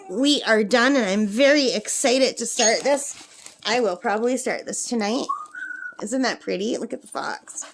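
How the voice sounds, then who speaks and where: A woman's voice: a little high, slight background noise. A woman chatting casually to camera at a lakeside camp, laughing often and cooing at her pet bird. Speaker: craft vlogger.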